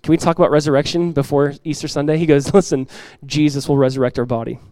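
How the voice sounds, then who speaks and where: A middle-aged man preaching a sermon as pastor to his church, earnest and direct, repeating key lines and acting out everyday voices with lively emphasis. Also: fairly high pitch, quick pace, dry recording, low-quality recording. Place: church sanctuary.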